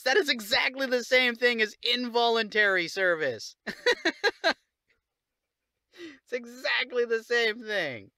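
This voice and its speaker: A man's voice: very high voice, lively intonation, takes it slowly, long pauses, bright, forceful tone, no room sound. A young man ranting casually while walking his dog, swearing often and laughing at it. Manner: profane, mocking, laughs often. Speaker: vlogger. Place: outdoors on a dog walk.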